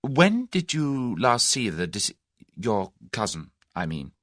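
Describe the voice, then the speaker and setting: Spirited young woman sleuth, bubbly and quick, voiced by a male narrator, higher register. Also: no echo, clean studio sound, heavily acted. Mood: lively. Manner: eager, excitable.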